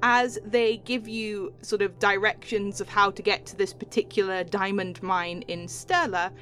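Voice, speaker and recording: Woman game master, medium-pitched, chatty descriptive narration, faint music behind. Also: fairly even intonation, unhurried, fairly bright tone. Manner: descriptive, with many "like" fillers and light laughs.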